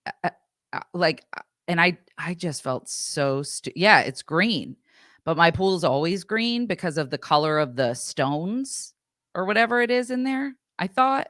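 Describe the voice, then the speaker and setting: Low-voiced woman telling a story. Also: a little slow, no echo, clean studio sound. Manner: rambling, animated, acts out quotes. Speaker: podcast co-host. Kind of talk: casual storytelling chat.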